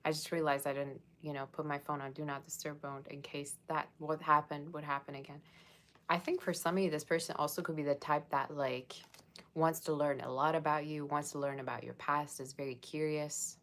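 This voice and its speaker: A woman's voice: low-pitched, little pitch movement, fairly quick, a bit bright. A woman giving a casual tarot reading, chatting and rambling straight to her viewers. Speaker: tarot reader.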